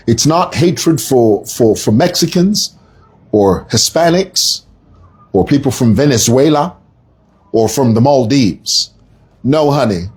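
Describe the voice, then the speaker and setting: Middle-aged Zambian man, emphatic commentary, very husky, slow and animated. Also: medium pitch. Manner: emphatic, storytelling, rhetorical. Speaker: online commentator. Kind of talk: opinion monologue.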